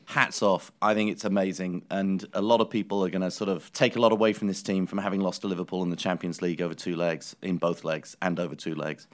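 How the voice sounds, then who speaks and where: A man co-hosting a football podcast, making emphatic points and repeating key words for weight. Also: sits low. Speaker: podcast co-host. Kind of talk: football analysis chat.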